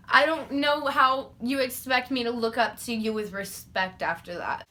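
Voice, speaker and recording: A young woman vlogger telling a story in a casual, animated, profane and sarcastic way. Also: a little high, normal speed, few pauses.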